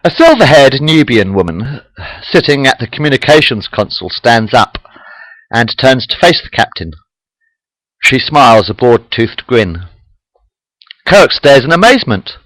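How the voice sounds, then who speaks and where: A man's voice: mid-range voice, lively intonation, moderate pace, a bit bright, no room sound, low-quality recording. Dude reading his own fan story on webcam, stops to say sorry and redo lines, dry sound. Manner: casual, with apologies and restarts. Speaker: amateur storyteller.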